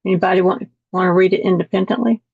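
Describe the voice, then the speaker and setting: A woman's voice: mid-range voice, steady tone, fast talker, vocal fry, breathy edge, no room sound. Woman teacher reading lesson text to a video call class, dull and dry audio. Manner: reads text aloud, repeating words after slips.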